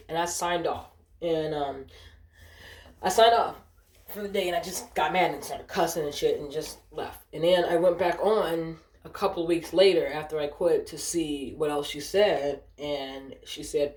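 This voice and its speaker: A young woman telling a casual storytime rant, animated and profane, acting out the people she quotes in a higher voice. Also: moderate pace. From Ohio, United States. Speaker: vlogger. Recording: echoey room.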